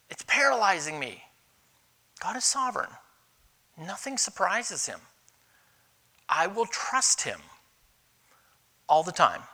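A middle-aged male pastor delivers a sermon in a bright, clear voice. His pitch swings widely as he tells candid personal stories with animated energy.

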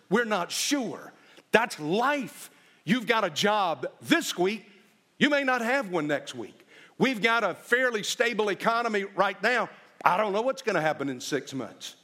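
A middle-aged man preaching a sermon with folksy stories, slowing for emphasis and speeding through asides. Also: high voice, a bit bright. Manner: folksy storytelling, shifting between slow emphatic and quick asides.

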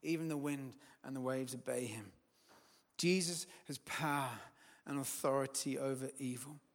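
A man preaching a sermon, building to loud, emphatic peaks and then dropping to quiet, firm words. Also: medium pitch, fairly even intonation, moderate pace, big-room sound.

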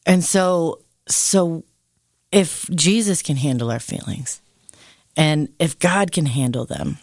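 A podcast co-host in a casual faith discussion who explains things thoughtfully and at length, with quick asides. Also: mid-range voice, no room sound, clean studio sound.

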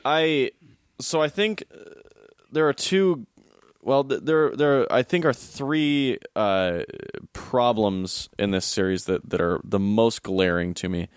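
A man's voice: medium pitch, slow, clear, resonant tone, no room sound, studio quality. A man co-hosting a casual podcast chat, talking through a story in a thoughtful, analytical way. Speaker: podcast co-host.

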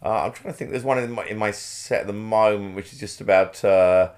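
A man's voice: lowish voice, brisk, darkish tone. A man, a comedian, chatting easily and agreeing often. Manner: easygoing, agreeable, lots of "yeah". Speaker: stand-up comedian. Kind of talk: casual chat between comedians.

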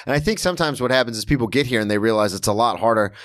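A man's voice: medium pitch, lively intonation, rapid-fire, fairly bright tone, no room sound, studio quality. A man in his thirties, a stand-up comedian, chatting casually, rambling and swearing as he acts out what people said. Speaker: stand-up comedian, podcast host. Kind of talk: casual chat.

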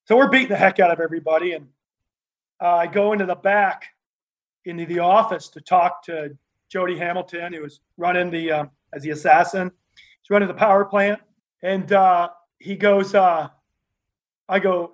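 Male interview guest, high-pitched, animated storyteller, lots of fillers and restarts. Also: moderate pace, low-quality recording. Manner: laughs while telling stories. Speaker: interview guest, former wrestler.

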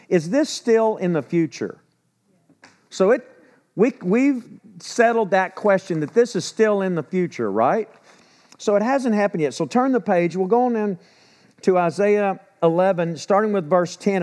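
A man's voice: sits high, a little mellow. A middle-aged male pastor teaching a sermon in a folksy storytelling way, often asking the listeners rhetorical questions.

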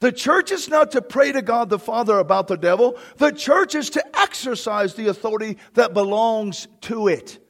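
A man preaching with a high, gravelly voice that has a husky edge. He reads a story aloud to his congregation as part of a fervent sermon, and now and then he rises into shouts. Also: expressive, moderate pace, hardly any pauses. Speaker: pastor.

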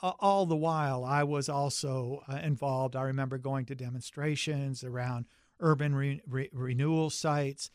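A man's voice: medium pitch, fairly even intonation, moderate pace, clear, resonant tone, no room sound, clean studio sound. Older Southern man recalling the past. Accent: Southern American. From American South. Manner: reflective, storytelling with frequent restarts. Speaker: interviewee. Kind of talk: oral history interview.

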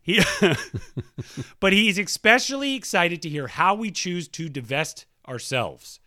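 A man's voice: sits high, sing-song, takes it slowly, sharp tone, dry recording, clean studio sound. A man co-hosting a podcast, reading listener emails aloud in a playful, casual way and laughing often. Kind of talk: casual chat.

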